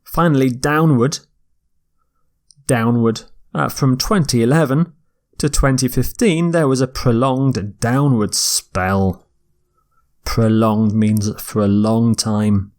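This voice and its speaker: A man teaching English vocabulary in a lecture, explaining words slowly and deliberately and sometimes correcting himself mid-sentence. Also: mid-range voice, darkish tone. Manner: slow, deliberate, with self-corrections.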